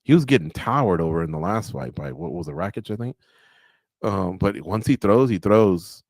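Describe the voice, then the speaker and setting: Here's a low-pitched, slightly mellow male voice with lively intonation and a moderate pace, recorded without echo in a studio. He's co-hosting sports radio, swapping casual stories, voicing quotes and laughing at his own jokes.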